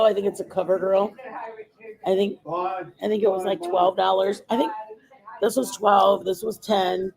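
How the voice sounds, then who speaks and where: A woman's voice: medium pitch, steady tone, moderate pace, a little mellow, low-quality recording. A woman hosting a casual makeup livestream, chatting in a rambling, opinionated way. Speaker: livestream host.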